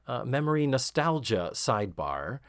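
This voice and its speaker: A man hosting a podcast, recapping a sitcom episode casually and sarcastically, acting out quoted lines in higher voices. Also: normal speed, no room sound, studio quality. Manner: animated, sarcastic, acts out quotes with rising shrieks. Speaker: podcast host.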